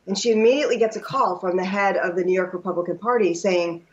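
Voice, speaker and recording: A woman's voice: mid-range voice, quick pace, few pauses, slight background noise. A woman tells a story in casual conversation and recounts what others said. Her voice comes through dull, lo-fi audio. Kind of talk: casual chat.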